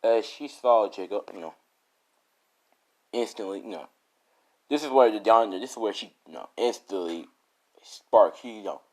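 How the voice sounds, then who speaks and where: A man's voice: on the low side, animated, normal speed, long pauses. A man casually improvising a fan story, rambling and correcting himself as he goes.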